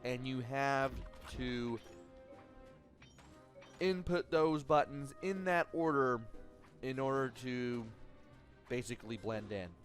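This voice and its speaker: A man's voice: mid-range voice, slow pace, long pauses. Casual man explaining gameplay. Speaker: let's play host. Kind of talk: gameplay commentary. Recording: voice-over with faint game music.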